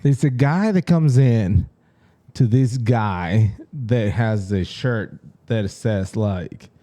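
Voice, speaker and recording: Mellow-voiced man telling stories with laughs. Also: lowish voice, takes it slowly. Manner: animated storyteller, laughs often, acts out quotes. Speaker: podcast co-host. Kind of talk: casual chat.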